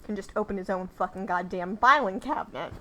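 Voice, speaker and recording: A woman's voice: mid-range voice, a little fast, sharp tone, a little hiss or hum. Sardonic, laughing female podcast co-host. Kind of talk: casual episode recap chat.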